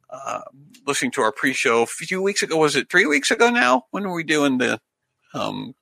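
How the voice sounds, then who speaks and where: A man's voice: medium pitch, sharp tone, no echo, low-quality recording. A man co-hosting a live comedy stream, chatting and laughing in a playful way. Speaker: comedy show co-host. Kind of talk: casual live-stream banter.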